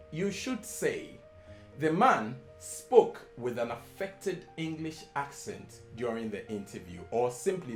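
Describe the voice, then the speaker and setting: Man, language-show host, slow measured delivery, animated pitch, echoey room, faint guitar music. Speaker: host of an English-usage show. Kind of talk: scripted educational presentation.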